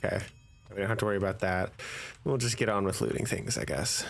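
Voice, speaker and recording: A man's voice: on the low side, fairly even intonation, fast talker, a little hiss or hum. A man thinking aloud while playing a video game, casual and hesitant, often trailing off. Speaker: gamer. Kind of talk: casual let's-play commentary.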